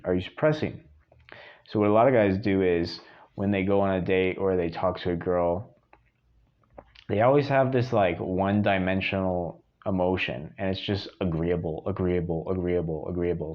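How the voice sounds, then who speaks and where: A man's voice: fairly low pitch, lo-fi sound. A man giving blunt, profane dating advice in a monologue, hammering points home by repeating words. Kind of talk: monologue to camera.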